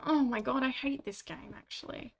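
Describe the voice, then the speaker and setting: A woman's voice: sits high, normal speed. A woman streaming a game, chatting casually and mocking herself, swearing when annoyed. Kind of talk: casual gameplay chat.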